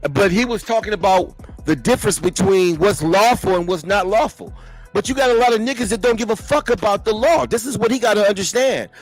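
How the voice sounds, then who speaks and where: A man's voice: sits high, fairly quick, faint music behind. A man in his fifties, a call-in guest on a livestream, who speaks in an emphatic, preachy, fired-up way. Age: 50s. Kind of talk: casual livestream talk.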